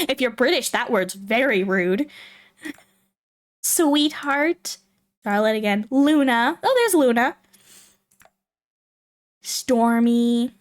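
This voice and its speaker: A young woman streaming a game, talking in a loose, rambling way and thinking aloud. She speaks at an unhurried, drawn-out pace in a fairly high voice. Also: expressive. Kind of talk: casual livestream chat while playing a game.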